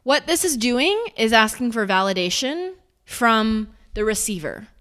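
A woman's voice: fairly high pitch, very animated, a little slow, fairly bright tone. A young adult woman giving a conversational motivational talk as a self-improvement speaker, earnest and explaining her points with examples.

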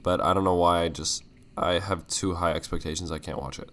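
Young male co-host, deep voice, blunt and theatrical, casual chat. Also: fairly quick. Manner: blunt, dramatic dislikes, trails off quietly. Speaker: podcast co-host.

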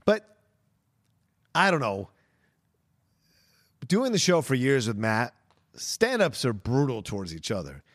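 A man's voice: medium pitch, wildly swooping pitch, slow, long pauses. A man co-hosting a podcast, joking and reacting in casual chat. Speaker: podcast co-host.

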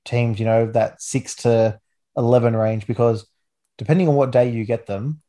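A man's voice: medium pitch, fairly even intonation, moderate pace, warm tone. A man in his twenties with an Australian accent, hosting a casual rugby league chat with enthusiastic, rambling talk full of restarts. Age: 20s. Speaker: podcast host.

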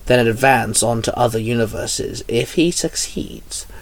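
A man's voice: medium pitch, a little slow, close to an everyday voice. Silver Morphing Master, a solemn knight as read by a man. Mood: formal.

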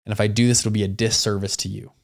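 A young adult man, an entrepreneur guest in an interview, telling stories in a slangy, animated way with many fillers. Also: lowish voice, rapid-fire, vocal fry. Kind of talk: casual interview storytelling.

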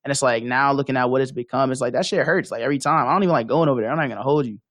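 Fast-talking young man. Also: mid-range voice, fairly bright tone, dry recording, clean studio sound. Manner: frank, conversational, emphatic. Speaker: podcast co-host. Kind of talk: casual chat.

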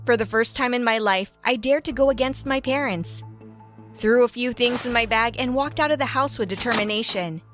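Woman narrating over soft music. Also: on the high side, a little fast. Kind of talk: first-person storytelling narration.

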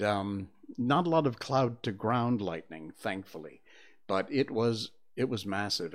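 Older man rambling as a talk host. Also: fairly low pitch. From Connecticut. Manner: conversational, digressive, with many fillers. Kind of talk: rambling opinionated monologue. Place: studio.

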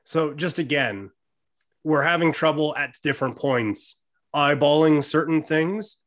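A man's voice: fairly high pitch, unhurried, fairly bright tone. A man co-hosting a podcast, reading true-crime notes in a casual chat and dropping dry asides. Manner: dry asides while reading, hums dramatic "bum bum". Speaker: podcast co-host.

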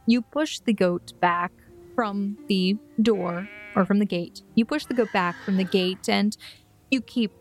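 A woman narrating scenes as game master in a tabletop game, steady and descriptive. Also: medium pitch, measured pace, soft background music.

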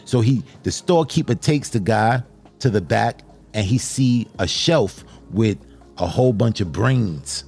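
An earnest male host talking casually and encouragingly to his guest, often restarting and repeating his phrases. His voice is low and gravelly, and faint music runs underneath. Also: expressive, measured pace, a little mellow. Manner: repetitive, earnest, encouraging, addresses guest as brother. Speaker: show host. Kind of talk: casual interview chat.

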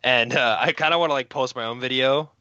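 Bright-voiced man, hesitant guest. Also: mid-range voice, fairly quick, clear, resonant tone, dry recording. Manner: hesitant, full of uh fillers. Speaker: guest, jiu-jitsu athlete. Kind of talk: casual podcast chat. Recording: dry, slightly dull sound.

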